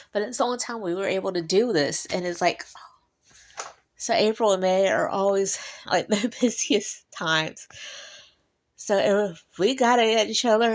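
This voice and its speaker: A woman, chatting in a rambling personal monologue and laughing between thoughts. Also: medium pitch. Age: 40s. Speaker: vlogger.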